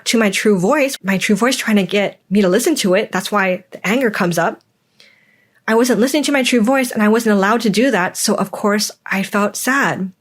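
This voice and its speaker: An earnest woman talks through her own experiences in a reflective podcast monologue. She leans hard on key words and repeats them for emphasis. Her voice sits at an ordinary mid pitch for a woman. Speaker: podcast host.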